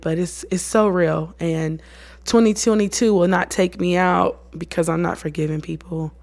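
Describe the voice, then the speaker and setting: A woman hosting a casual faith podcast, talking in an earnest, conversational way with lots of slang and lively bursts. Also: on the low side. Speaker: podcast host and worship leader.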